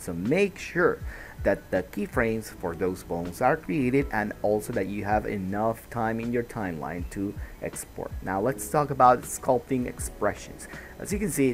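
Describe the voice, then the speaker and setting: A man narrating a screen-recorded software tutorial, patient and explanatory, often checking in with the listener. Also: on the low side.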